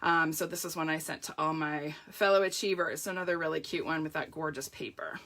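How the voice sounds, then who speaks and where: Bright, gushing woman demonstrating crafts. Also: low-pitched, a little fast. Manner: gushing, chatty, greets viewers by name. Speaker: paper-craft demonstrator hosting a live launch party. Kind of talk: casual live demo chat.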